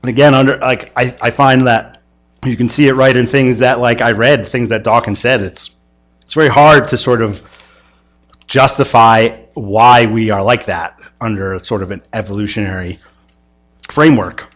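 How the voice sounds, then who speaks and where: A man's voice: medium pitch, fairly even intonation, moderate pace, fairly bright tone. A man teaching a church discussion class in a casual, rambling lecture full of fillers and restarts. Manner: rambling, hesitant, many fillers.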